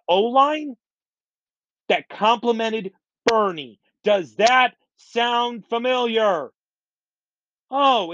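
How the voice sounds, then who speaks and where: Man, high voice, fed-up sports rant, dull dry mic sound. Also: a bit bright, no echo. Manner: exasperated, repetitive, blunt. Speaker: sports podcaster. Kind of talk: ranting sports commentary.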